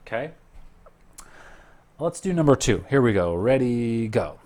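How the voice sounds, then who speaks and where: A man teaching a recorded music lesson, counting beats aloud in a relaxed way with frequent fillers, while a keyboard plays along. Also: medium pitch, a little slow, pauses often. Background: keyboard and clapping.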